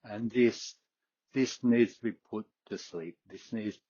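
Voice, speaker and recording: A man's voice: fairly low pitch, slow pace, warm tone, breathy edge, no echo, dull audio. A middle-aged man with a Queensland Australian accent hosting a fitness podcast, rambling with many fillers and restarts. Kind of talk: casual solo talk.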